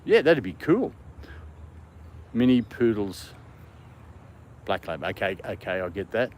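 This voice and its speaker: A man's voice: lowish voice, sing-song, unhurried, a little mellow. An Australian man hosting a casual livestream from a dog park, answering viewer comments and talking to his dog. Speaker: livestream host.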